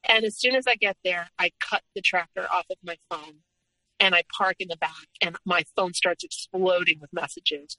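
Earnest woman with a bright voice. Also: lowish voice, fairly even intonation, normal speed, dry recording, poor audio. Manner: earnest, retelling past events in present tense. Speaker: podcast guest. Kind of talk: personal story told in conversation.

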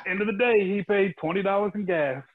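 A man's voice: high-pitched, fairly quick. A man telling a rambling, easygoing story in casual chat, with lots of fillers. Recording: dry, dull close mic.

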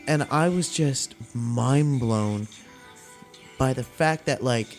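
Young man, mid-pitched, casual and foul-mouthed, tells stories with lots of energy. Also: slow, soft background music. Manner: profane, animated retelling with acted-out quotes. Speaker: podcast host. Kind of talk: casual storytelling rant.

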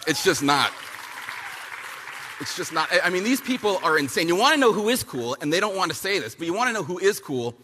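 A man giving a punchy, fiery speech at a youth summit. He repeats lines for effect and mocks people with quick impressions. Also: high-pitched, sing-song, noisy background. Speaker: speaker at a youth political summit. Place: large hall at a summit, with an audience. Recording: big hall with long reverb and a faint crowd.

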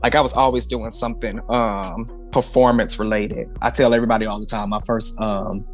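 Speaking fairly quickly in a lowish, flat voice, this St. Louis drag performer is a guest in a laid-back interview, calling in from a busy household. Soft music sits in the background as he laughs a lot, stumbles into fillers, and restarts his sentences.

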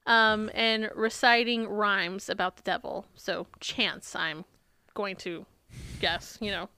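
A woman's voice: medium pitch, steady tone, slow pace, bright, forceful tone, clear, resonant tone, no echo, clean studio sound. A young woman co-hosting a casual podcast, retelling a book in a chatty way with lots of fillers. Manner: chatty, many fillers, laughs often. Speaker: podcast co-host.

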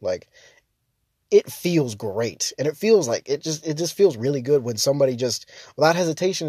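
A man's voice: on the high side, sing-song, normal speed, mellow, dry recording, clean studio sound. A young man hosting a casual solo podcast, rambling with many fillers and restarts, chuckling between thoughts. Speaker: podcast host.

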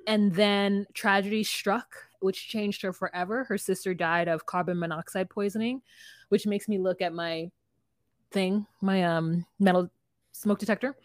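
A woman's voice: mid-range voice, steady tone, normal speed, no room sound, clean studio sound. Laid-back, hesitant woman podcaster. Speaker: podcast co-host. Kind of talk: casual chat recap.

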